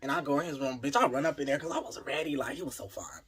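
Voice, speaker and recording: Husky, animated man telling a story. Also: mid-range voice, quick pace. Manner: animated, profane, talks to viewers as y'all. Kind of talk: casual storytime.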